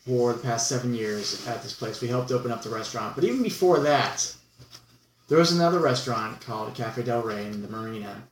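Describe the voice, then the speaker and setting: A man's voice: medium pitch, lively intonation, brisk, distant mic, a little hiss or hum. A man hosting a podcast, chatting casually and prompting his guest to tell his stories. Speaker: podcast host. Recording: echoey room, a bit off-mic.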